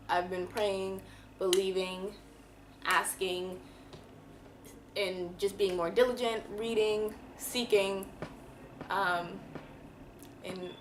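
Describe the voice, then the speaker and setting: A woman's voice: mid-range voice, background noise. A woman talking candidly and emotionally to camera in a casual, slangy personal vlog. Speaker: vlogger.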